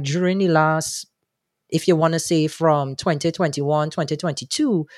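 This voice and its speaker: A man answering interview questions, thoughtful and animated, often restarting his sentences. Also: fairly high pitch, no room sound, studio quality. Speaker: guest, soca music commentator.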